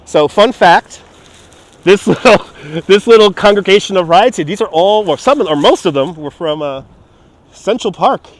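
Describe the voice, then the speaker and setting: A man with a high-pitched voice and lively intonation livestreams outdoors at an amusement park, speaking at a moderate pace. He rambles and swears, laughs easily and reads viewer chat, filming on a phone mounted to a handheld gimbal.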